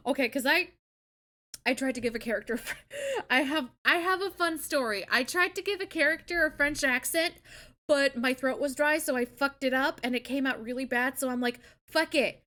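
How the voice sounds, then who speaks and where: A young woman hosts a casual live stream, her voice sitting a little high. She chats loosely with her viewers and swears freely as she reacts to their tabletop stories. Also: normal speed, sharp tone. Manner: chatty, swears freely, reacts with gasps and laughs. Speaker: streamer host.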